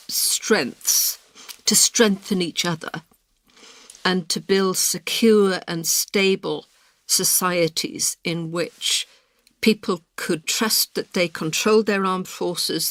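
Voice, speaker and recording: A woman's voice: lowish voice, no echo. A woman answering interview questions in a passionate, emphatic way. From Britain. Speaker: politician, interview guest.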